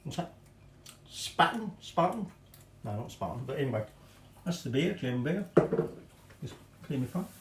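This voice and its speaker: Middle-aged male cooking host, rambling and self-mocking, mid pitch, roomy kitchen echo with faint noise. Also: animated, fairly quick, pauses often, a little mellow. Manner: chatty, rambling, self-deprecating asides. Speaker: home cooking show host. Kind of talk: casual cooking demonstration. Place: home kitchen.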